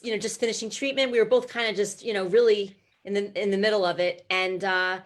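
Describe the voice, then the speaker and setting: A woman's voice: mid-range voice, fairly bright tone. A woman who is a talk show guest and breast cancer advocate, telling her personal story in a chatty, heartfelt way with many fillers and restarts.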